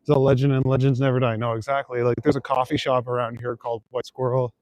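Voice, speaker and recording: A man's voice: medium pitch, little pitch movement, fast, a little mellow, no room sound, studio quality. A young man chatting casually with viewers while walking city streets at night, rambling and chuckling with lots of fillers. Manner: laid-back, chuckling, rambling with many fillers. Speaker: livestreaming vlogger. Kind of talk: casual chat, reading and answering viewer comments.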